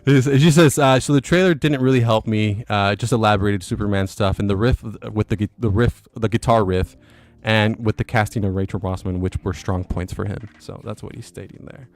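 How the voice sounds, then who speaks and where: Male stream host, low voice, easygoing, reads chat aloud. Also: a little fast. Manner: relaxed, chuckles between comments. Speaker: livestream host. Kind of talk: casual livestream chat reading viewer comments.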